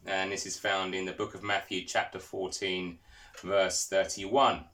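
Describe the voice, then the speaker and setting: A man's voice: low-pitched, level tone, a little slow, pushed and bright. A man preaching a sermon, telling stories and asking the congregation questions. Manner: storytelling, asks the listeners questions.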